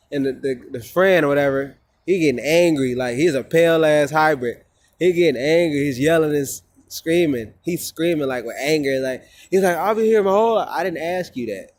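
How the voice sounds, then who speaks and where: A man's voice: a little high, a little mellow. Rambling, profane man ranting outdoors. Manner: rambling, profane, repeats himself. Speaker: vlogger. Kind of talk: casual rant to camera.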